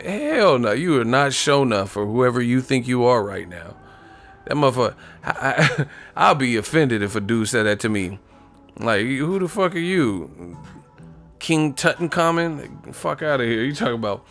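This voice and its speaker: A man's voice: mid-range voice, lively intonation, moderate pace, a bit bright, soft background music. A young man hosting a boxing livestream, rambling and joking in casual, profane chat.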